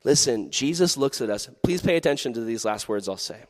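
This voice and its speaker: A man giving a youth sermon in a lively, animated way, acting out quoted voices. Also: mid-range voice, brisk. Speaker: youth pastor. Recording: long hall reverb.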